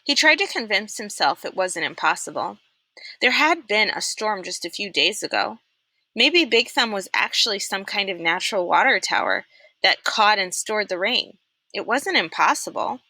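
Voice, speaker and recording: Young woman reading a kids' novel out loud, super bright voice, lively, does the character voices. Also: mid-range voice, normal speed, dry recording. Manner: expressive, animated reading that puts on voices. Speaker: storyteller reading a chapter book aloud. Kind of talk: read-aloud of a children's novel.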